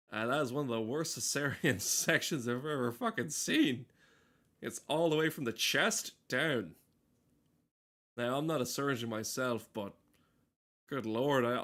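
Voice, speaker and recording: A man live-streaming a game, tossing off sarcastic, swear-laden jokes between cutscenes. His voice sits in an ordinary middle pitch, loose and casual. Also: fairly bright tone. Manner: profane, sarcastic, joking asides. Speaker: gaming streamer.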